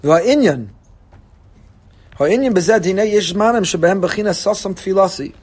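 A man's voice: high-pitched, normal speed, breathy edge. A man giving a sermon as a rabbi, preaching with animation and acting out quoted voices. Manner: animated preaching, voicing God and congregants.

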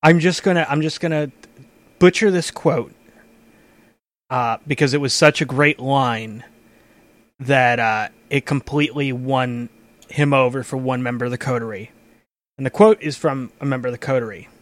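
A man's voice: medium pitch, moderate pace, long pauses, dry recording. A man in casual chat as a game master and host, rambling with frequent restarts and casual swearing.

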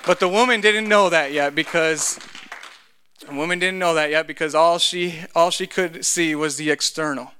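A man's voice: fairly high pitch, moderate pace, sharp tone, slight background noise. A man pastor, giving a conversational sermon with joking asides.

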